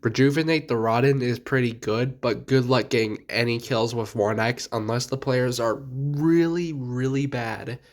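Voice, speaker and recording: A man's voice: medium pitch, steady tone, normal speed, hardly any pauses. A young man with a sick voice giving blunt, offhand commentary on game characters in a casual video. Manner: blunt, offhand, mildly crude. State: sick, stuffy voice. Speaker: gaming video creator.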